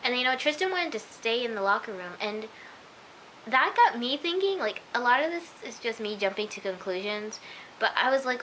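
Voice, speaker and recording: A woman's voice: fairly high pitch, animated, moderate pace, a bit bright, a little hiss or hum, poor audio. A woman chatting casually to camera at home, rambling with lots of "like" and "oh my gosh" as she reviews an episode. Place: at home, in pajamas.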